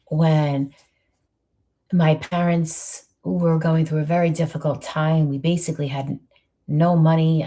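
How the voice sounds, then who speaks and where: A woman shares a reflective motivational message. Her voice is low and mellow, with a husky grain, and she keeps it soft and intimate, often sinking almost to a whisper. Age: 50s. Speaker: host giving a monthly inspirational message.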